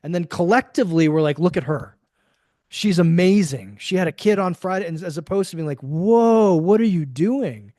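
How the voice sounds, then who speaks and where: A man talks emphatically as a guest on an interview podcast, often slipping into quoted voices and casual swearing. His voice sits a little high for a man. The sound is dry and close, with no room around it. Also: darkish tone, no room sound. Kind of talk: conversational interview.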